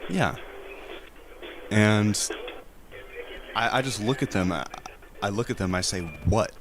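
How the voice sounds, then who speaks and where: Male prank caller, lowish voice, long-winded and flustered, clear stream mic. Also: slow, background noise. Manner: rambling, hesitant, defensive, with many restarts. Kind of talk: prank phone call storytelling.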